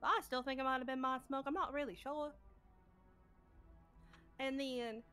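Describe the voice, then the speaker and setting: A woman's voice: high voice, fairly even intonation, moderate pace, sharp tone, smooth, faint music behind. A woman playing a scatterbrained, stubborn adventurer, recapping a tabletop game session in character with a rambling, forgetful, blunt manner and casual swearing.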